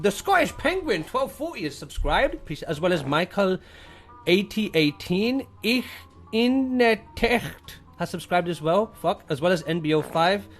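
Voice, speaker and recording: A young British man streaming live, reading chat and thanking subscribers in a casual, profane way. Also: fairly high pitch. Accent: British English. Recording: faint music behind the voice.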